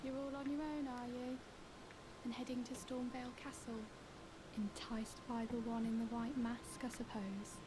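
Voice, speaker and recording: An actress playing a timid, frightened young woman in a game, speaking softly and hesitantly. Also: a little high, level tone, normal speed, natural voice. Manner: soft, hesitant, fearful. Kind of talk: game character dialogue. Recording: hissy game audio capture.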